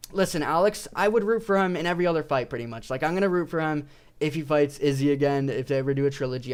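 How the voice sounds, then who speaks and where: A man's voice: a little high, clear, resonant tone. A young man talking casually into a desk mic as an MMA YouTuber, swearing freely, restarting sentences and often saying "but listen". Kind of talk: casual rambling commentary. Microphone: desk microphone.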